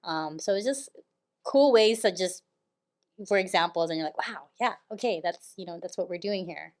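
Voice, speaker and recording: Woman, senior enlisted co-host, lower voice, casual and hesitant, quick to laugh. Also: a little mellow. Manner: hesitant, many ums, laughs easily. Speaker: command chief, co-host. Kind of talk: casual podcast chat.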